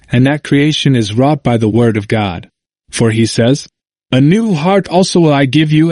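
A man's voice: mid-range voice, a little mellow, no room sound, studio quality. Earnest man reading a sermon aloud. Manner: earnest, emphatic, rhetorical questioning. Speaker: sermon reader.

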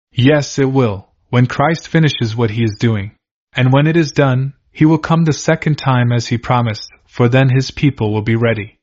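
An older man reading a religious children's story aloud, earnest and plain, asking the listener gentle questions. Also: medium pitch, muffled recording. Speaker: narrator of a devotional book.

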